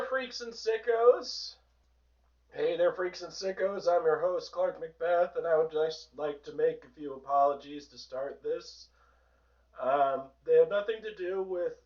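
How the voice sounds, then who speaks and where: A man with a hoarse voice hosting a sarcastic, profane political rant, in a dull, distant home recording. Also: on the high side, darkish tone. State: hoarse from a sore throat. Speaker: host. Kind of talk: ranting political commentary.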